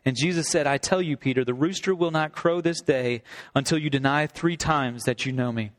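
A man's voice: on the high side, brisk. A male pastor delivering a sermon, reading scripture aloud and then expounding on it earnestly. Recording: long hall reverb.

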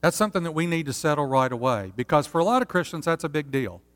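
A man gives an earnest sermon as pastor, often checking in with his listeners through rhetorical questions. His voice sits a little higher than most men's. The words ring out with a long reverb, as in a large church hall. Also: lively intonation, fast talker.

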